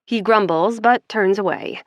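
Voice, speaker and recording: A woman's voice: medium pitch, a little slow, no room sound, studio quality. A woman narrating a first-person romance audiobook in a wry, conversational way.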